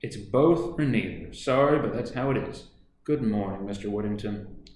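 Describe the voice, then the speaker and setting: A man's voice: lowish voice, moderate pace, a little mellow, lightly acted. A man voicing a spirited, wary young woman in a storybook reading, blunt and guarded. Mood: wary firm. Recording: echoey room.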